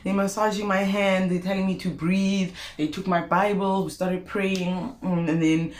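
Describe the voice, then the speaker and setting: A young South African woman telling a personal story to her viewers in a vlog, expressive and animated. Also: medium pitch, moderate pace. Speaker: YouTuber. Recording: roomy echo.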